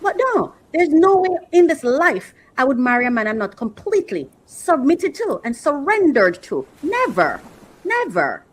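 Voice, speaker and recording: A woman speaking from the heart on a talk podcast, earnest and reflective, with slow, emphatic stretches and moments where she is moved to emotion. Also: high-pitched, sing-song, rough recording. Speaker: podcast host. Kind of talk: heartfelt personal monologue.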